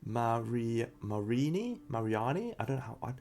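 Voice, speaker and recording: With soft music in the background, a man with a mid-range, sing-song, slightly dark voice speaks at a normal speed while opening trading card packs on a live stream. He chats, reacts to his pulls, and reads chat aloud, laughing often and stumbling over names he's unsure how to pronounce.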